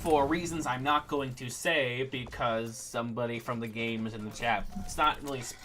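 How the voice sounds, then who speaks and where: A man's voice: medium pitch, fairly even intonation, moderate pace, loud music behind the voice. A man streaming a game and chatting casually about running a tabletop campaign, rambling with lots of fillers and restarts. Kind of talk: casual chat while gaming.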